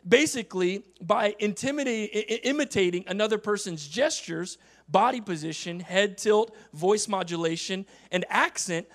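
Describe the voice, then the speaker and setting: Guy preaching a sermon, high voice, keeps repeating lines, gets loud then drops quiet. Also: moderate pace. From United States. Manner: emphatic, repeats phrases, swings from loud to quiet. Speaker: pastor.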